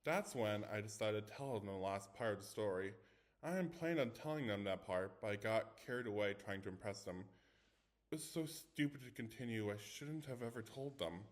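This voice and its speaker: A man's voice: lowish voice, lively intonation, normal speed. A man reading a scary story aloud in first person, dramatic, with small stumbles. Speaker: story reader.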